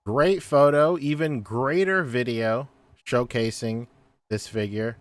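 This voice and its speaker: A man's voice: medium pitch, slow, no echo. A man co-hosting a podcast in casual chat, laid-back, laughing often and repeating his praise. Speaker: podcast co-host.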